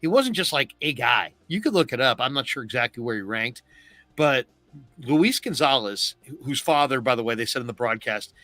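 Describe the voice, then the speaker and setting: A middle-aged man talks through the game in a bright, forward voice, recorded dry and close on a studio mic. He tells it like a story and jumps into animated voices for quotes. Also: medium pitch, normal speed, no echo. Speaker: sports talk host. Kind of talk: casual postgame recap.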